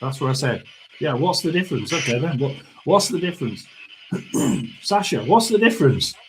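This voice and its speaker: A man talks through a tarot and spirit box session in a loose, chatty way. He mutters asides and keeps clearing his throat. His voice sits fairly high and swings widely in pitch. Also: sing-song, moderate pace, noisy background. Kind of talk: casual live reading.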